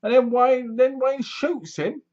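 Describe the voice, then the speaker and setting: A man's voice: extremely high pitch, steady tone, measured pace, darkish tone, dull audio. A man reviewing a horror film, retelling the plot with acted-out reactions and sound effects. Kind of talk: casual film review monologue.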